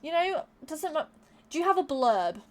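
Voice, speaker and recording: A woman's voice: high-pitched, sing-song, moderate pace. A woman streamer chatting casually with her live viewers, laughing often, swearing freely and repeating words as she thinks.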